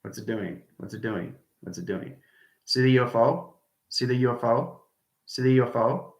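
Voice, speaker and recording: A man's voice: medium pitch, moderate pace, roomy sound. A man giving a rambling, enthusiastic livestream talk to his viewers, repeating himself and dropping into whispers now and then. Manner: enthusiastic, repetitive, drifts into whispers. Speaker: online spiritual teacher.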